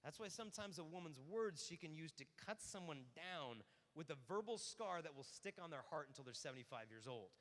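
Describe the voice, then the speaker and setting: A man with a high, bright voice gives an animated youth conference talk, acting out exchanges between people and leaning on fillers. His voice rings out through a large hall with a long tail of reverb. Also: brisk, hardly any pauses. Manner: storytelling with acted-out voices and many fillers.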